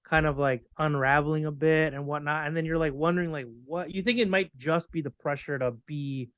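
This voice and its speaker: A man's voice: on the high side, steady tone, fairly quick, fairly bright tone, clean tone, no echo, highs cut off. A man co-hosting a casual pop-culture podcast, talking in a laid-back, hesitant way with many ums and likes. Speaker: podcast co-host. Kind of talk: casual chat.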